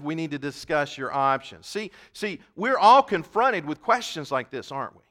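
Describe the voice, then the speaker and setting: A man preaching a sermon, reading King James scripture aloud and posing rhetorical questions, moving from hushed, tender passages to loud, emphatic ones. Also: on the high side, lively intonation, moderate pace, hardly any pauses. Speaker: pastor.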